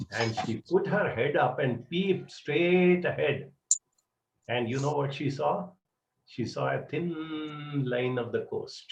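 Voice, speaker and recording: Man, gravelly mentor voice, animated storyteller, heard from a distance in a roomy space with a dull lo-fi sound. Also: medium pitch, slight background noise. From India. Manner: animated storyteller, frequent "uh" and "you know". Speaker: psychology mentor. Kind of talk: advisory talk with storytelling.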